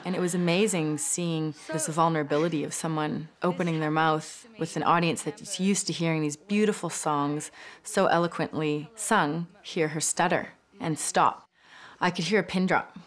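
Deep-voiced woman recalling with awe. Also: fairly even intonation, normal speed. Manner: admiring, vivid. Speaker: audience member recalling a talk. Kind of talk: interview recollection.

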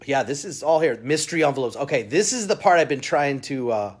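A man's voice: mid-range voice, animated, a little fast, few pauses, breathy edge. A man hosting a live comic-shop sales stream, chatty and upbeat, greeting chat viewers by name and laughing often. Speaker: shopping show host. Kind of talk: live-stream product showcase.

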